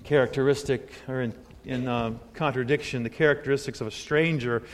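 A man in his sixties preaching a sermon, moving between loud emphatic peaks and hushed, quiet asides. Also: medium pitch, fairly even intonation, brisk, a little hiss or hum. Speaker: pastor. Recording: long hall reverb.

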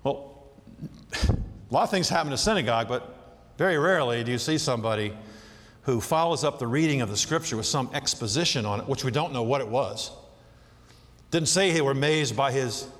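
A man preaching a sermon in a conversational, animated way, often asking his listeners questions. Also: medium pitch, normal speed, pauses often. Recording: long hall reverb.

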